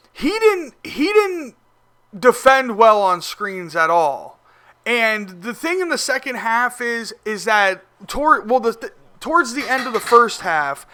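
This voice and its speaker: A man's voice: high-pitched, smooth. A man commentating on his own video game match in a casual voice-over, cursing often and restarting his sentences as he talks. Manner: profane, competitive, excitable, repeats words when restarting.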